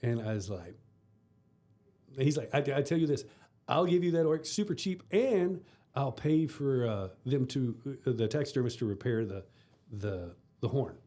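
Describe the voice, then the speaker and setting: A man's voice: medium pitch, expressive, moderate pace, mellow. A man, co-hosting a casual podcast and telling rambling hunting stories, laughing often. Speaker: podcast co-host. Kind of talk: casual chat.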